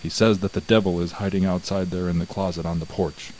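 A man voicing a sly, clever little peasant who speaks in a calm, knowing way, with a low voice. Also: a little fast, a little hiss or hum, natural voice, poor audio.

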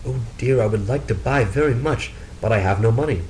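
A man's voice: medium pitch, brisk, a little mellow, slight background noise, pitched above the performer's own voice, close to an everyday voice, rough recording. A man voicing a scatterbrained, cheerful young wife in a storybook reading, raising his voice to chatter innocent excuses. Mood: eager.

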